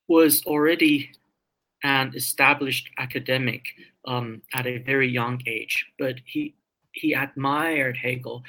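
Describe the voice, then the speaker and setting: A man interviewed as a guest scholar speaks hesitantly, full of ums and repeated words. His voice is mid-range and sharp, and the audio quality is poor.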